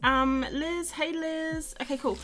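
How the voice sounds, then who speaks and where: A young woman with a high-pitched, fairly even voice hosts a casual drawing livestream, chatting and rambling slowly to viewers and greeting them by name. Her tone is a bit bright, and there's a little hiss or hum.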